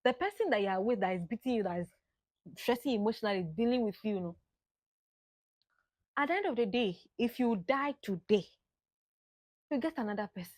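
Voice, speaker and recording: A woman's voice: fairly high pitch, expressive, a little fast, long pauses, a little mellow, dry recording, studio quality. Earnest woman giving heartfelt advice. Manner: earnest, exclaiming, mixes local words into English. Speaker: speaker giving a monologue. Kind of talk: impassioned advice monologue.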